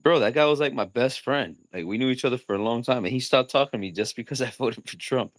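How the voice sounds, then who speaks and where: Speaking quickly at medium pitch with no echo, a man hosts a casual livestream chat. He jokes around, laughs things off, and acts out the voices of the people he quotes.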